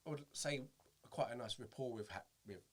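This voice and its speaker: This man's voice is mid-range, brisk and slightly rough as he appears as an impressionist guest in a casual interview. Telling animated anecdotes, he breaks into impressions along the way and laughs frequently.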